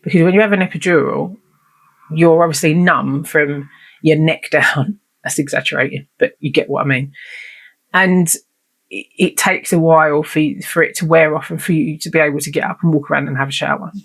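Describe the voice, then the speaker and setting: A woman's voice: sits low, steady tone, brisk, breathy edge. A woman hosting her own show, telling a personal story in a candid, rambling way and swearing freely. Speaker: podcast host.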